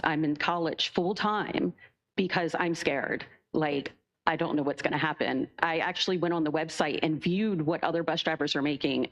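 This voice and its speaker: Young woman, shaky and emotional public commenter, slightly low voice, muffled recording. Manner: nervous, emotional, many fillers. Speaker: public speaker, school bus driver. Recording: dull lo-fi meeting recording.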